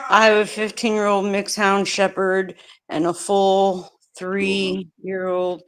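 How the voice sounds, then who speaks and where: A woman's voice: medium pitch, little pitch movement, takes it slowly, clean tone. A woman from the northeastern United States hosting a casual live stream chat, laughing easily and saying "like" a lot.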